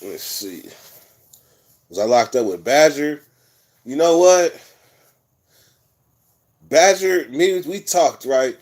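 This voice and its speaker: A man's voice: on the high side, animated, slow pace, long pauses, darkish tone. Profane, rambling man. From California. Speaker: vlogger telling prison stories. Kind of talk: casual storytelling monologue.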